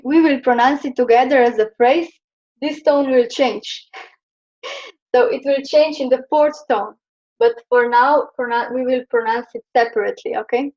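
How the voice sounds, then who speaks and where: A woman's voice: high voice, a little mellow. A woman from Slovenia teaching Chinese pronunciation over a video call, patiently repeating each sound for her students. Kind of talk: online pronunciation lesson. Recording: muffled video-call audio.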